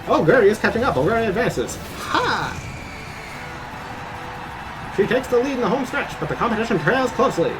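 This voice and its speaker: A man's voice: very high voice, big pitch swings, normal speed, pauses often, over music, pitched above the performer's own voice, poor audio. A man doing a grand old-style race announcer. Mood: excited. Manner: transatlantic voice, theatrical. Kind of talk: voicing game text on stream.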